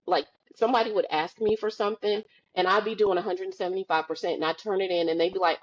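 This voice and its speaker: A woman guest on a podcast, chatting casually and telling lively stories, acting out the voices of the people she quotes. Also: medium pitch, fast talker, hardly any pauses, dull audio. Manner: animated storytelling, acts out quoted voices. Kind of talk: casual chat. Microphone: video call.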